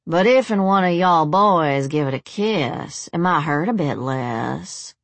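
A woman reading a smug southern army veteran with a slow, lazy drawl. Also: deep voice, expressive, dry recording, exaggerated voice.

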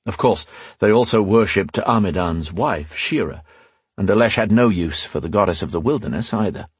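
A man reading a fantasy novel aloud as an audiobook narrator, with a husky voice, voicing the dialogue with small shifts in pitch. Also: expressive, normal speed, no echo.

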